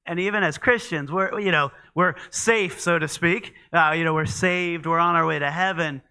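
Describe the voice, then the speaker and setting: A man teaches in a church in a loose, conversational sermon style. His voice is very bright and ringing, clean and smooth, and pitched a little high for a man. He trips over his words often and keeps going with fillers and restarts. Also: moderate pace. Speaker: pastor.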